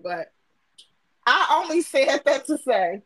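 A woman's voice: on the high side, lively intonation, moderate pace, a bit bright. A woman hosting a casual phone-chat podcast, telling a story and acting out the voices of the people in it. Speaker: podcast host.

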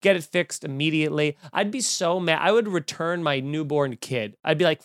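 A man's voice: fairly high pitch, moderate pace, hardly any pauses, no room sound, studio quality. A man hosting a podcast, riffing in a casual, profane stream of consciousness. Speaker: podcast host. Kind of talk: casual rambling chat.

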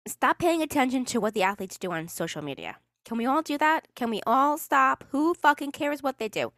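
A woman's voice: high voice, animated, brisk, a bit bright, no echo, studio quality. A woman hosting a solo podcast, ranting in a sarcastic, exasperated way and swearing freely. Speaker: podcast host.

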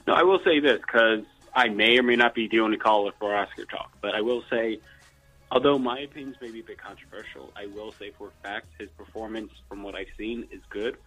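A man's voice: on the low side, fairly quick, pushed and bright, slightly rough, rough recording. A man calling in to a talk show, giving his opinions in a hesitant, hedging way. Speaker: caller. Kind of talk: casual call-in chat. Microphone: phone.

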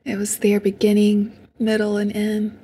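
A woman speaking as a guest in a reflective spiritual conversation, soft and earnest, sometimes dropping to a hushed near-whisper, with many fillers and restarts. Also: medium pitch, monotone, a little slow, husky.

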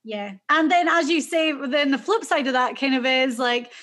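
A woman with a Scottish accent chats about golf picks in an easygoing, conversational way. Her voice sits high for a woman. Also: moderate pace, fairly bright tone. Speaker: co-host. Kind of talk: casual golf betting chat.

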